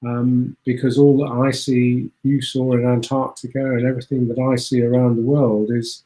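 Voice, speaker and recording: A man talks as a guest in a relaxed interview, halting and repeating small words as he goes. His voice sits at an ordinary middle pitch. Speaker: guest explorer. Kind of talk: conversational interview.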